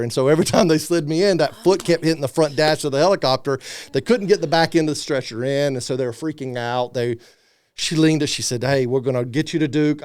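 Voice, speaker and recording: A man in his thirties, a guest speaker on a podcast, telling a personal story in a casual, animated way and acting out the people he quotes. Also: medium pitch, clean tone, dry recording.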